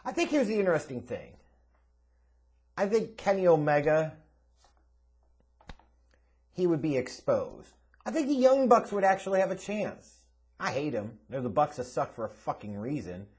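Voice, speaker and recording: A man's voice: medium pitch, darkish tone. Blunt, profane man ranting on a Q&A show. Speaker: host answering viewer questions. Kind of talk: casual Q&A rant.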